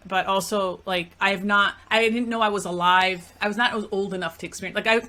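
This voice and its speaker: A woman's voice: medium pitch, steady tone, fairly quick, pushed and bright. A woman from Greece hosting a podcast, telling stories in casual chat and filling her talk with "like" and "you know". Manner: chatty storyteller, fillers like "like" and "you know". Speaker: podcast host and matchmaker.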